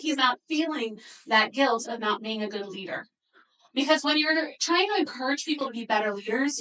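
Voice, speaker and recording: A woman's voice: fairly high pitch, pushed and bright, recorded from a distance, poor audio. A woman presenting a workshop to a live audience, telling a story and acting out the quoted dialogue. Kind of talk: workshop talk with slides.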